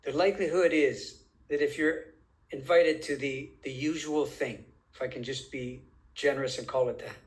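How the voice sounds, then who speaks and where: A man's voice: on the high side, poor audio. Emphatic man asking rhetorical questions. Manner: deliberate, drawn-out phrasing. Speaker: interview guest, author. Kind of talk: conversational interview.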